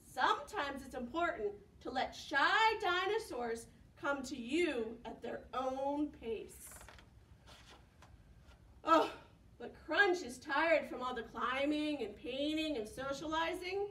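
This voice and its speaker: Young female children's librarian, high and slow-paced, animated storytime delivery, echoey distant recording. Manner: animated, gasps and whispers to engage children. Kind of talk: preschool storytime reading and singing. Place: library room. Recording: echoey room, mic at a distance.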